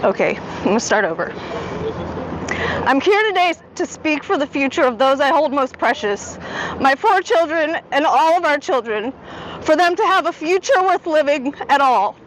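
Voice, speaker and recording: A woman's voice: sits high, lively intonation, moderate pace, slight background noise, rough recording. A woman reading a prepared speech aloud to a gathering, nervous and shaky, close to tears and stumbling over words. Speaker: speaker at a public gathering.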